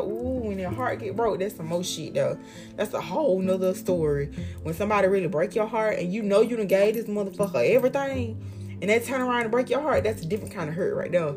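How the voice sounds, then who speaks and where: A young woman with a medium-pitched voice gives life advice in an informal, motivational talk. Her delivery is emphatic and sincere, full of slang and swearing, with lines repeated for impact.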